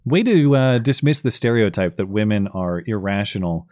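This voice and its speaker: A podcast host delivers sarcastic, mocking political commentary in a fairly low, darkish voice with lively intonation and a moderate pace. The recording is dry and studio-clean.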